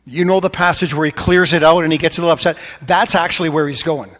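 A man preaching a sermon, questioning his congregation, rising to animated emphasis and dropping to soft prayerful tones. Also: fairly high pitch, quick pace, big-room sound. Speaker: pastor.

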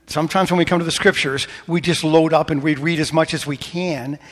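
A man preaching a sermon, questioning his congregation, rising to animated emphasis and dropping to soft prayerful tones. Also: on the high side, brisk, long reverb tail. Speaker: pastor.

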